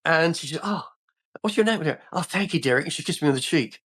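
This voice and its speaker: A man's voice: on the high side, fast talker, a bit bright, slightly rough. An older man from England, a podcast guest telling rambling anecdotes in a casual way, full of restarts and fillers.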